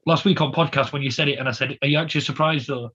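A man's voice: on the high side, breathy edge. A man ranting passionately about football as a podcast co-host. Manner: fast, animated, ranting. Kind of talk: passionate football fan chat. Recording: dull lo-fi podcast audio.

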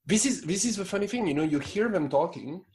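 A man's voice: sits high, fast talker. A man from France with a French accent, chatting casually as a podcast co-host and acting out the people he quotes. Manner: animated, laughing, acts out quoted people. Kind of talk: casual chat.

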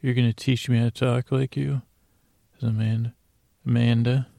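Gravelly, flat-voiced man rambling drowsily. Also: mid-range voice, normal speed, no room sound. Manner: meandering, mumbling, playful asides. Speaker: podcast host. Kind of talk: rambling bedtime podcast talk.

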